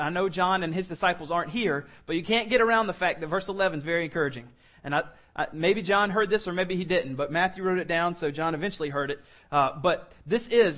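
A high-voiced man preaching a verse-by-verse sermon to a room. He keeps the delivery conversational and drops in joking asides as he teaches. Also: fairly bright tone. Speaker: pastor. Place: church room.

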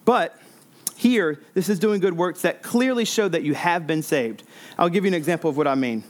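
A man's voice: fairly high pitch, normal speed. A man preaching an expository sermon, earnest, repeating words and restarting as he explains.

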